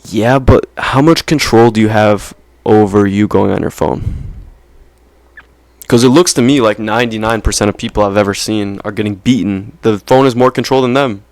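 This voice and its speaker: Rambling young man, low dry voice. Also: moderate pace, no echo. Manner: rambling, slangy, self-interrupting with "like" and "right?". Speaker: vlogger. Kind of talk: casual monologue to camera.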